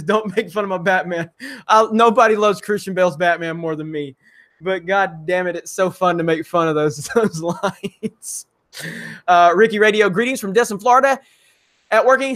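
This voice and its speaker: Reading super chats out loud on a relaxed livestream, this male host laughs a lot and speaks loosely, full of fillers. He has a high, slightly bright voice.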